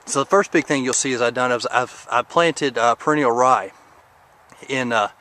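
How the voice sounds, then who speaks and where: A podcast host, a man with a medium-pitched, pushed and bright voice, gives a casual garden tour of his rural property outdoors at a moderate pace. Recorded on a camera mic, he's a little out of breath, rambling with lots of fillers while pointing things out.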